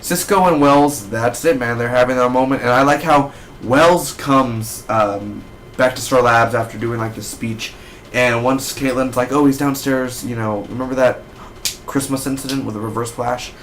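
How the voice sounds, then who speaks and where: A man giving a casual spoken review of a TV episode, rambling and excitable with lots of fillers. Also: medium pitch, moderate pace, a little hiss or hum. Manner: rambling, excitable fan talk with many fillers.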